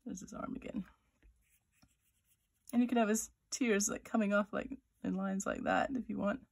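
Gravelly-voiced woman teaching drawing. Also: medium pitch, fairly even intonation, moderate pace, a little mellow. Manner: thinks aloud while sketching, chatty and playful; voices little sound effects for her drawings. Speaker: author-illustrator leading a drawing workshop. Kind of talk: live drawing tutorial for children.

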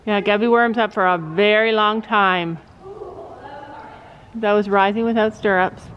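A woman's voice: medium pitch, steady tone, unhurried. A middle-aged woman hosting a family vlog, chatting to viewers about her daughter's riding. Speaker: vlog host, mother. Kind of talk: casual vlog narration at a horse arena. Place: horse riding arena. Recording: dull lo-fi camera audio with faint noise.

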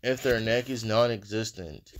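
A man's voice: lowish voice, moderate pace. A man hosting a reaction video, musing aloud in a rambling, casual way with lots of fillers.

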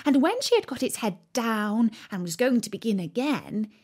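A woman reading a storybook aloud in a slow, expressive way for listening practice. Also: a little high. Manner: expressive, acts out the characters.

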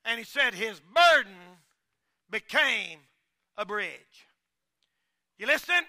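Man, preacher, very high voice, folksy sermon, shouts then drops low. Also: big pitch swings, slow, pauses often. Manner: folksy, swings from shouting to near mutters. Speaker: pastor.

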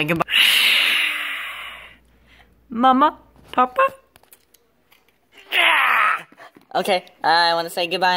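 A woman running an improvised plush puppet skit, her voice bright and sharp on a lowish pitch. She talks hesitantly and fills gaps with many little fillers. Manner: hesitant, full of filler words. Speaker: plush puppet show creator.

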